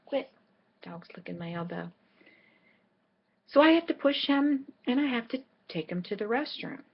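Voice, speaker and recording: Husky, gravelly woman rambling on. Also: on the high side, lively intonation, moderate pace, muffled recording. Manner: rambling, chatty storytelling with asides. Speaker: vlogger. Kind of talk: casual chat.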